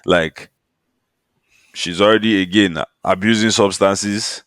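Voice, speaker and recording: Male podcast co-host, very low voice, dry close sound, slangy and animated. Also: slow, smooth, no echo. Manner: slangy, animated, laughs while talking. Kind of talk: casual podcast chat.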